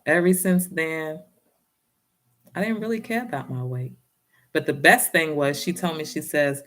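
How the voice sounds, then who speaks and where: A woman's voice: deep voice, unhurried, pauses often, fairly bright tone, slight background noise. A woman giving a casual motivational talk and telling a personal story, speaking in a down-home way and often addressing her listeners directly.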